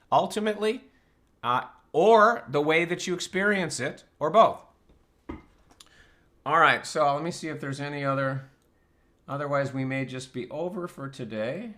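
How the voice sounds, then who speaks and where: With a slightly high, pushed and bright voice, this host of a live online Q&A talks casually. As a personal-growth teacher, he works through his ideas by asking rhetorical questions.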